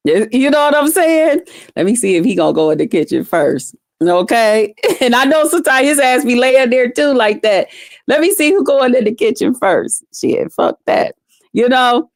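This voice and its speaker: A woman's voice: a little high, expressive, moderate pace, no echo, studio quality. A woman vlogging to camera, telling stories bluntly and with plenty of swearing while chatting with live viewers. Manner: blunt, salty, talks straight to viewers. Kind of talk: casual profane storytelling to camera.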